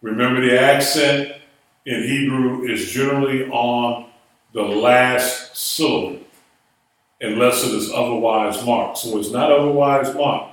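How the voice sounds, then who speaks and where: A Hebrew teacher with a steady, medium-pitched voice and a measured pace spells words out letter by letter for his class. The lesson is recorded from far off in a reverberant room.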